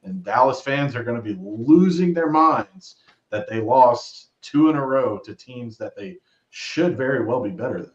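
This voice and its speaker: A man's voice: medium pitch, expressive, moderate pace. A man guests on a casual sports stream, talking in an easygoing way as he thinks aloud. His audio is roomy and muffled, like a remote call in an echoey room.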